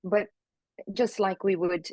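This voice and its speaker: A woman's voice: medium pitch, fairly even intonation, takes it slowly, warm tone, dry recording. A woman from Malaysia, a guest actress, speaking emphatically and encouragingly in a remote interview. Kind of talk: casual interview talk. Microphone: remote recording.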